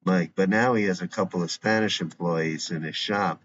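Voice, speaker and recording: A man reading a calm, polite gentleman. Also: deep voice, moderate pace, lightly acted. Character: easygoing, polite adult man. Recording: dull lo-fi recording with faint hiss.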